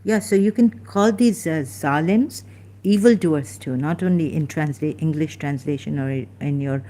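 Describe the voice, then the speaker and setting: An ex-Muslim commentator talks casually to the camera in a low, dark voice at a moderate pace. She looks up verses as she goes, hesitating and thinking aloud with lots of fillers and restarts.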